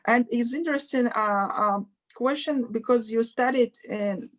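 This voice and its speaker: A woman interviewer who speaks haltingly and often searches for her words while asking questions over a video call. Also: a little high. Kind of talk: conversational interview.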